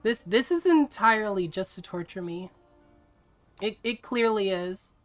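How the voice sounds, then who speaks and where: A woman's voice: mid-range voice, animated, soft background music. Exasperated woman streamer chatting to viewers. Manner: exasperated, teasing, quick to laugh. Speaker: video game streamer. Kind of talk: casual live-stream chat with viewers.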